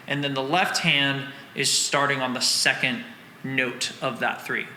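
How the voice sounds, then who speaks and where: A man gives an instructional breakdown of drum rhythms in a flat, measured, mid-range voice, with a little hiss or hum on the recording. He counts and sings the beats aloud, often catching and fixing his own mistakes, while loud drumming echoes through the room.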